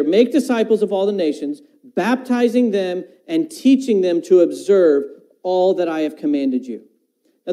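High, bright-edged male preacher. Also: rough recording. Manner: quotes scripture, asks the listeners questions; talks about teaching his own children. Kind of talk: sermon.

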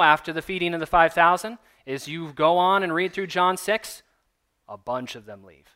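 Male pastor, slightly high and bright voice, relaxed conversational sermon delivery with emphatic points. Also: smooth. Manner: conversational, emphatic teaching with asides.

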